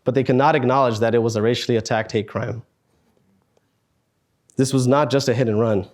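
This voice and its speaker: A man in his twenties, speaking at a student meetup, telling a personal story in an earnest, halting way with sighs and pauses. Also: mid-range voice, steady tone. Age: 20s.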